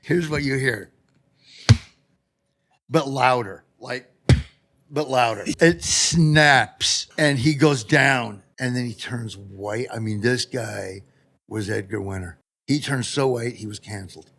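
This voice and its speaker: A man's voice: mid-range voice, slow, vocal fry, fairly bright tone. A middle-aged man, a guest comedian, telling a story with gusto and acting out the other people's voices. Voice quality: acts out voices in his stories. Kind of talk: animated storytelling.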